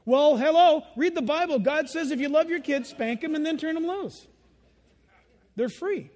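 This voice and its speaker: A high-voiced male pastor preaching in an animated way, slipping into children's voices and chuckling along. His voice rings out in a church with a long hall reverb. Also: moderate pace. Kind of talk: sermon.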